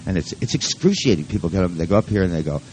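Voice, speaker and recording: A man's voice: low-pitched, big pitch swings, very fast, darkish tone, a little hiss or hum, low-quality recording. A man leading a live workshop who talks in a rambling, joking and profane way. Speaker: seminar leader.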